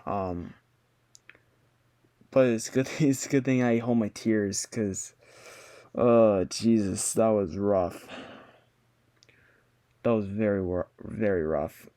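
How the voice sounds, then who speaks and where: A young man talks to his viewers into a computer mic, slow and hesitant. His voice sits a little low, and he stumbles through fillers and restarts. He keeps sighing as he tries not to cry. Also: mellow. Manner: halting, many fillers and restarts, holding back tears. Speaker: vlogger. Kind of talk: casual personal talk to camera. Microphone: computer mic on a video call.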